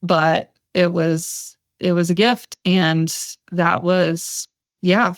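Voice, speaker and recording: A woman telling her story as a podcast interview guest, chatty, with many fillers and lively quoted dialogue. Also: fairly low pitch, very slow, no echo, studio quality.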